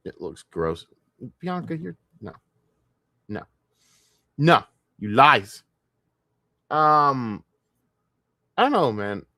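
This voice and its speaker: A man's voice: medium pitch, big pitch swings, very slow, long pauses, bright, forceful tone, no echo. Rambling, profane male streamer, dry sound. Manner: rambling, profane, trails off and laughs to himself. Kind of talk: casual solo livestream rant.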